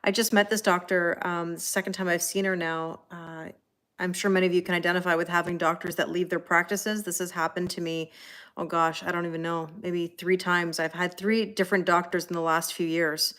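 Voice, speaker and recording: A woman's voice: on the low side, little pitch movement, fairly quick, fairly bright tone. Chatty middle-aged woman reading tarot live. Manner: chatty, greets viewers by name, many fillers and light laughs. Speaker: tarot reader on a livestream. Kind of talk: live-stream casual chat.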